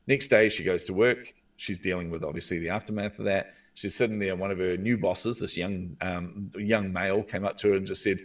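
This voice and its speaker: A man's voice: low voice, fairly quick, few pauses, recorded from a distance. A man with a New Zealand accent, a guest coach telling stories earnestly in a podcast interview. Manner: earnest, animated storyteller.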